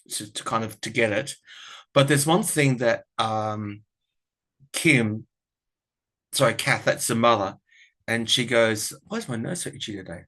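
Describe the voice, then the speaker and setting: A man's voice: mid-range voice, a bit bright. An Australian man chatting casually to camera about politics, rambling and frank. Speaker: tarot and political commentary vlogger.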